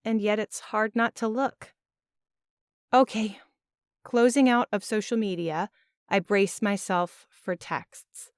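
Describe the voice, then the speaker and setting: A woman narrating a first-person audiobook in an expressive, emotional storytelling manner. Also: mid-range voice, clean tone, no room sound. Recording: dry, close studio sound.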